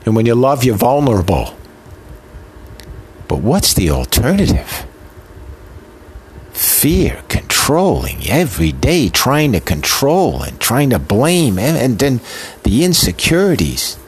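A man's voice: mid-range voice, huge pitch swings, takes it slowly, pauses often, slight background noise. A man preaching a sermon with an impassioned, emotional delivery built on rhythmic repetition. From Italian heritage.

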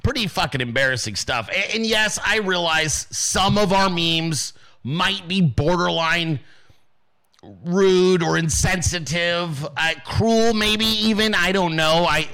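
A man's voice: high-pitched, slow pace, pushed and bright. A male podcast host talking casually, swearing freely and rambling between laughs. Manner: profane, rambling, laughs often. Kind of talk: casual political commentary.

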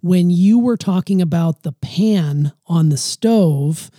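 A man's voice: high-pitched, takes it slowly, mellow, no room sound, clean studio sound. A middle-aged man in a casual family chat, earnestly giving a grown child reflective advice.

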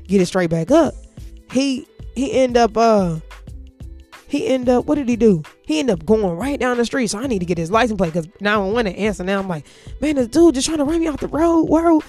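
A woman's voice: medium pitch, a little mellow. Woman telling a profane story. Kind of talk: casual storytime.

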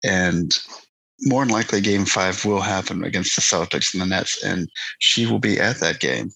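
A man's voice: deep voice, moderate pace, gravelly, pushed and bright, a little hiss or hum, rough recording. A man co-hosting a podcast in casual sports chat, rambling with restarts and easy laughter. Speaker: podcast co-host.

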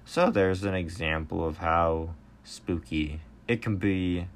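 Excitable man reviewing cards, lower voice. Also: takes it slowly. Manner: excitable, flares louder at strong cards, stumbles over words. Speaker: trading card game reviewer. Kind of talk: casual card review monologue.

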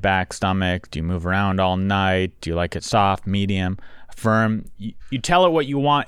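A podcast host reading a sponsor ad in a chatty, emphatic and crude way. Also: male voice, lowish voice, clear, resonant tone, dry recording, studio quality. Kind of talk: host-read ad, casual.

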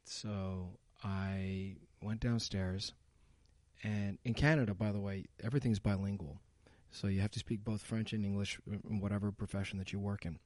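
A man's voice: fairly low pitch, little pitch movement, normal speed, darkish tone, no echo. A young man in casual chat, telling a long anecdote with many restarts and fillers.

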